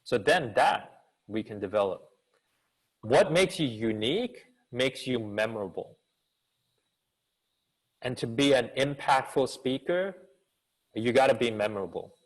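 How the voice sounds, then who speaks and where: A man of middle pitch answers questions over a video call, speaking as a communication coach. He talks with an actor's expressive energy and keeps asking rhetorical questions to draw his listeners in. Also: measured pace, long pauses, low-quality recording. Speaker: business school professor and communication coach. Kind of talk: answering questions in an online seminar.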